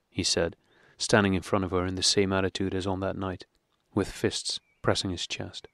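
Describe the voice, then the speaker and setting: Lower-voiced man reading a classic novel. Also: level tone, moderate pace, hardly any pauses, fairly bright tone, no echo, clean studio sound. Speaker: audiobook reader.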